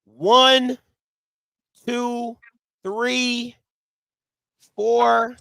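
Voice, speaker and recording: A man's voice: very high-pitched, level tone, extremely slow, gravelly, bright, forceful tone, no room sound. A man hosting a sports talk show, debating football in an emphatic style and repeating his points.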